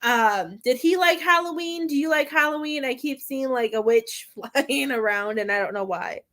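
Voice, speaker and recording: A woman's voice: high-pitched, normal speed, fairly bright tone. A woman giving a psychic medium reading on a live stream, talking in a hesitant, rambling way with many fillers and often getting choked up. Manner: emotional, gets choked up.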